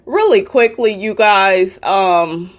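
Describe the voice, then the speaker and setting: Casting: outspoken woman vlogger, sassy and cursing, mid-pitched voice, heated commentary rant. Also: slow. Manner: sassy, blunt, cursing freely.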